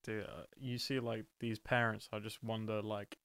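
Smooth-voiced young man. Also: on the low side, level tone, normal speed, a bit bright, no echo. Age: young adult. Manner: laid-back, jokey, swears casually. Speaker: podcast guest. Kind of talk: casual chat.

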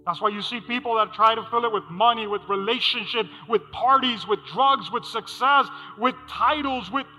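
Bright high-voiced male preacher. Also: moderate pace, hardly any pauses. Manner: asks the congregation questions and repeats key lines. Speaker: pastor. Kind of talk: sermon. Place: church hall. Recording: music under a hall reverb.

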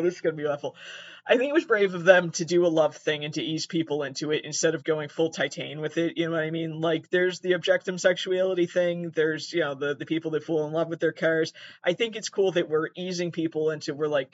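A man hosting a comedy show, rambling through a digressive monologue that keeps interrupting itself, with sudden squeaky jumps in pitch. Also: muffled recording. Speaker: comedy podcast host.

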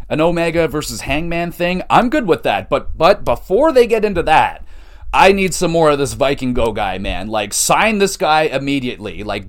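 A man hosting a wrestling podcast, recapping shows in an excitable, chatty way with lots of fillers. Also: mid-range voice.

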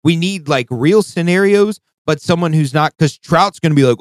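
A man co-hosting a podcast in casual chat, excitable and profane, laughing often. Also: a little high, moderate pace, hardly any pauses, dry recording. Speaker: podcast co-host.

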